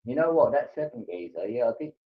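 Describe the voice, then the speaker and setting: A man's voice: mid-range voice, animated, fast. A man hosting a livestream, chatting casually in a loose, meandering way. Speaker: livestream host. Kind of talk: casual chat. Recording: dull lo-fi stream audio.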